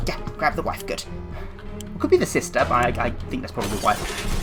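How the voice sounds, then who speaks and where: A woman's voice: a bass voice, wildly swooping pitch, a little fast, pauses often, over music. A young woman commentating her gameplay in a frantic, panicky way, often swearing and laughing at herself. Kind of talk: let's play commentary.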